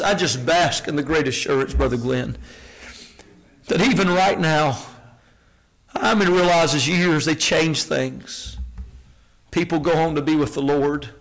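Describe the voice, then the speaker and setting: A man preaching a sermon, reading scripture aloud, rising to shouted peaks and then dropping low and hushed. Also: poor audio.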